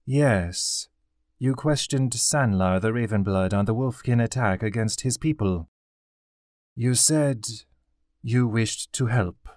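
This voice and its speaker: A man reading an audiobook, voicing a proud, haughty female owl-folk queen with formal, measured speech. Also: medium pitch, a little mellow, dry recording, clean studio sound, lightly acted.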